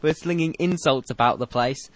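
A man's voice: medium pitch, normal speed, no echo. A young British man hosting a comedy radio quiz, teasing and mock-insulting his callers with frequent laughs. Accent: British English. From Britain. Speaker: radio show host.

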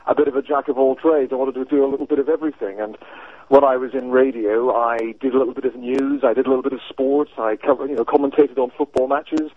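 Man on the phone for a radio interview, husky, laid back, thin tinny phone sound. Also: mid-range voice, no room sound. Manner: relaxed, reflective, with fillers. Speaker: interview guest, news correspondent.

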